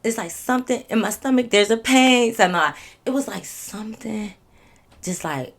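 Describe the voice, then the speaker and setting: A young woman telling a casual storytime to her viewers, animated and swearing freely. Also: on the high side, moderate pace. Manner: animated, swings into loud acted-out quotes, swears freely. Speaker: storytime vlogger.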